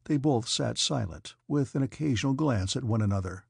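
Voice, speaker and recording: A man reading a classic novel aloud as an audiobook narrator, calm and measured. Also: mid-range voice, vocal fry, slightly rough, no room sound, studio quality. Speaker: audiobook reader.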